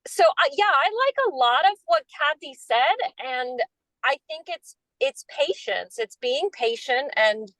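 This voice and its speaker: A woman calling into a group meeting from a car, bubbly and a little hurried. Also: high-pitched, animated, a bit bright, dry recording, rough recording. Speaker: guest distributor. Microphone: phone on a call.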